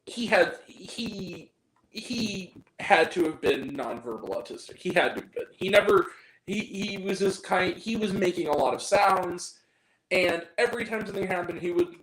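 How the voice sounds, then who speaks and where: A man's voice: high-pitched, a bit bright, roomy sound, slight background noise, poor audio. A man giving a ranting movie review, exasperated and profane, with self-deprecating asides. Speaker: film reviewer.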